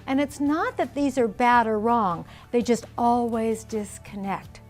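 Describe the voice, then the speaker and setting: A middle-aged woman giving a calm, explanatory parenting lesson on video, now and then acting out example phrases. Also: fairly high pitch, unhurried, soft background music. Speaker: parenting instructor. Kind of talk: instructional video talk.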